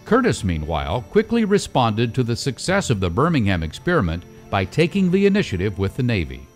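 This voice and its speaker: A man reading scripted documentary narration in a measured storytelling delivery. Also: medium pitch, huge pitch swings, soft background music.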